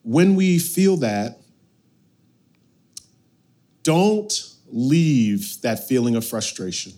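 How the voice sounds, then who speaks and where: A man preaching a sermon as pastor, animated, swinging from loud bursts to hushed lines. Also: medium pitch, drawn-out words.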